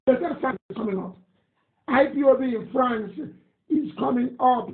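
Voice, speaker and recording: Reading listener messages live on air, a man with a Nigerian accent uses a very high, creaky voice at normal speed. He sounds indignant and emphatic and keeps repeating things. It was recorded with tinny, telephone-style audio in a room with echo.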